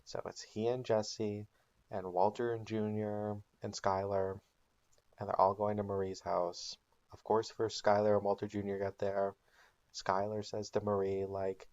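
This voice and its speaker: Flat-voiced man narrating a made-up recap. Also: on the low side, a little slow, dull audio. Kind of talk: comedic made-up plot recap.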